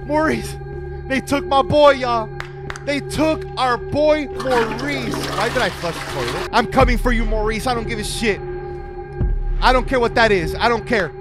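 A young man giving let's-play commentary on a game, excitable and profane, yelling and joking as he plays. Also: high voice. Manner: excitable, profane, yells and jokes. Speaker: gaming video creator. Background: game music.

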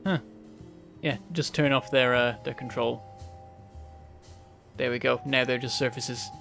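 A man's voice: mid-range voice, fairly even intonation, a little slow, vocal fry, a bit bright, soft background music. A man from northern England streaming a game live, thinking aloud, answering chat and breaking into frustrated exclamations. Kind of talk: live-stream gameplay commentary.

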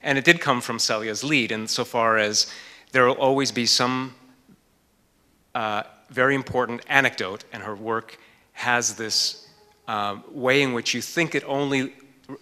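A man's voice: medium pitch, sharp tone. A man, an author and art historian, speaking in a panel discussion in a thoughtful, hesitant way with frequent fillers. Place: lecture hall. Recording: reverberant hall.

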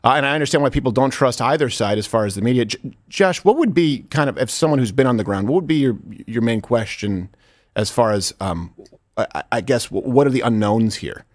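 A man's voice: medium pitch, a little fast, no echo, clean studio sound. A man hosting a political talk show, emphatic and joking, with frequent laughs. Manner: animated, emphatic, laughs often. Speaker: host.

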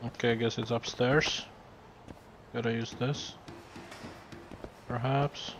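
Relaxed man muttering over a game. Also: mid-range voice, slow pace, highs cut off, slight background noise. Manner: relaxed, muttering running commentary. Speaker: gamer. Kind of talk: game playthrough commentary.

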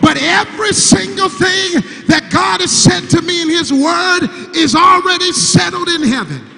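High, gravelly grieving preacher whooping. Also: male voice, a little slow, bright, forceful tone. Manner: whooping, repeats words and stammers for emphasis; urges the congregation to answer back. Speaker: preacher, son of the late pastor. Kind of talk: call-and-response sermon. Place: large church sanctuary. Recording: church sanctuary with long reverb.

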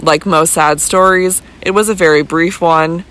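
A man narrating a classic novel as an audiobook with a steady, measured reading. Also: on the high side, smooth, poor audio.

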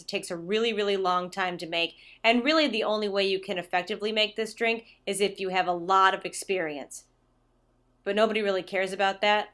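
A woman's voice: medium pitch, a bit bright. A young woman hosting a comedic cocktail tutorial in a dry, sardonic way, stretching out her punchlines. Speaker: video creator.

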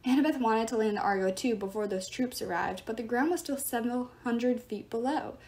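A woman reading a novel aloud with expressive narration. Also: on the high side, fairly quick. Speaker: book reader.

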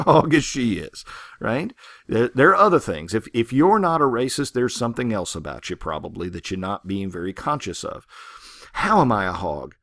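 A man's voice: medium pitch, a bit bright, no room sound. Conversational male literature teacher. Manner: conversational, checks in with "right?". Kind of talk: lecture on a short story.

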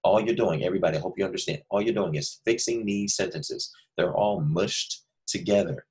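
A man teaching a first grade class in a recorded online lesson, speaking slowly and warmly to young children and reading example sentences aloud with lively stress. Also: sits low, breathy edge. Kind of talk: recorded remote homework lesson with screen share.

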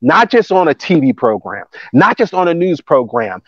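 A man preaching a sermon with lively emphasis and repeated phrases. His voice sits high for a man. The recording is dry and close, with a slightly dull, muffled top end. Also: moderate pace, dry recording. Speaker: pastor. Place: church campus building.

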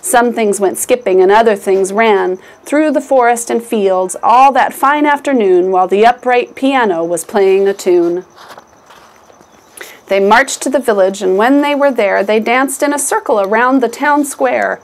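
A woman's voice: a little high, measured pace. A woman reading a rhyming picture book aloud to children, with a rhythmic read-aloud delivery.

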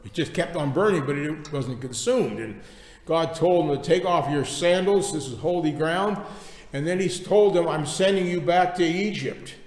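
A male pastor preaching a sermon, reading scripture and then explaining it with emphatic pauses. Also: a little high, expressive, a little mellow. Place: church sanctuary. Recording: echoey church hall, distant mic.

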